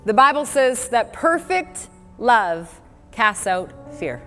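A woman's voice: a little high, a bit bright. A woman preacher delivering an earnest, conversational sermon, laughing now and then and quoting scripture. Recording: long hall reverb with faint music.

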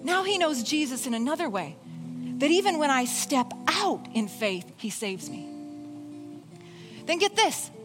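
A woman preaching a sermon in an animated way, voicing Bible figures in short quoted lines. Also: sits high, measured pace, pauses often, over music. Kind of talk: sermon with worship music.

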